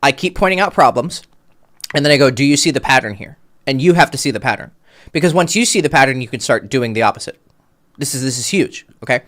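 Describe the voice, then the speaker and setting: Animated, blunt male dating coach. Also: mid-range voice, fast talker. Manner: blunt, animated, swears casually. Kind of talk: coaching a client on a call.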